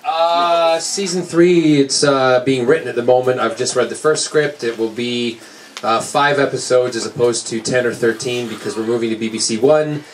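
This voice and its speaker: A man with an American accent, an author answering audience questions at a book signing with joking, animated storytelling. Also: medium pitch, moderate pace, background noise. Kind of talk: casual audience Q&A. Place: indoor book-signing event with a crowd. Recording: crowd chatter behind.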